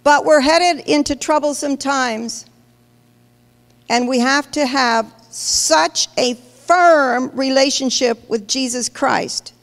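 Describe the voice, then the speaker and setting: A woman pastor preaching a sermon, emphatic and questioning the congregation directly. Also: sits high. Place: large church hall. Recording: long hall reverb.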